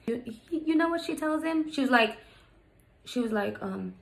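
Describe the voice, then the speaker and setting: A woman's voice: on the high side, expressive, normal speed, gravelly, rough recording. A young adult woman, a stepmother, telling a story in a casual vlog, emphatic and heated, with many fillers. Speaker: vlogger, stepmother.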